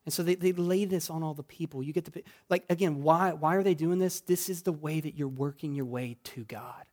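A male pastor preaching a sermon in a church, moving from quiet reflection to loud, exclamatory passages. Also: fairly high pitch, a little fast. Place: church sanctuary.

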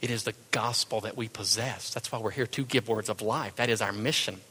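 A male pastor preaching a sermon, firing rhetorical questions and then dropping to hushed tones. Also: on the low side, fairly even intonation, brisk, slightly rough.

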